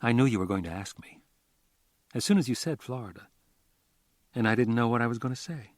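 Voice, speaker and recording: A man's voice: mid-range voice, animated, brisk, no room sound, studio quality, natural voice. A man reading an audiobook, voicing an edgy, self-conscious woman nearing thirty. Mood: nervous. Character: nervous woman about to turn thirty.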